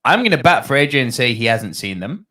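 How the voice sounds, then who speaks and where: A man co-hosting a movie podcast, talking in a loose, swearing, animated way. His pitch swings widely as he gets carried away. He tells his points like stories. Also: fast talker. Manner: animated, swearing, bursts into loud laughter. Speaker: podcast co-host. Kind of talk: casual chat.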